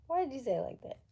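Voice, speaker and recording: A woman from the United States hosting a casual late-night livestream, chatting with viewers, reading their comments and dropping into soft whispers. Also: lowish voice, a little hiss or hum. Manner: chatty, laughs often, reads viewer comments aloud; drops into soft whispers between remarks. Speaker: livestream host.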